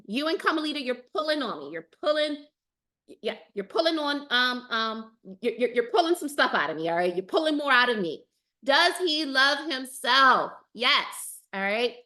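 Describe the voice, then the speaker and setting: Bright-voiced, high-pitched, emphatic woman. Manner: emphatic and enthusiastic, repeats phrases for emphasis. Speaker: dating coach hosting a live stream. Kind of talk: casual live-stream talk, reading out and answering viewer comments.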